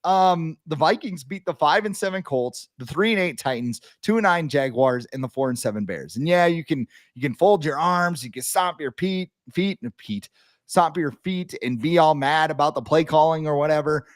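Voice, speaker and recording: A man's voice: a little high, moderate pace, no room sound. A young man co-hosting a casual sports podcast, talking animatedly and joking around. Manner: animated, jokey, acts out quoted voices. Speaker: podcast co-host.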